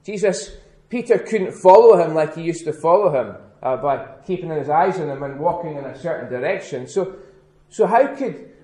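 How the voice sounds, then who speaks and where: Man, pastor, children's talk, higher-pitched, gentle, emphatic repetition, echoey church hall. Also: animated, normal speed.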